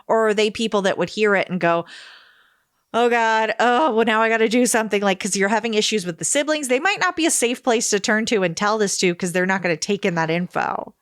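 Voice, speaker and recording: A woman's voice: medium pitch, lively intonation, fast, hardly any pauses, a bit bright, no echo, clean studio sound. A woman co-hosting a podcast, talking things through in a thoughtful, chatty way. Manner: thoughtful, chatty, laughs often. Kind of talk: casual chat.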